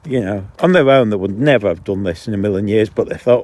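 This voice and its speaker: A man with a low voice, vlogging while walking his dog along a canal and ranting indignantly between remarks to the dog. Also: fast, hardly any pauses, a little mellow. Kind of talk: casual outdoor vlog ranting. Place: outdoors on a canal towpath. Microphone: handheld camera.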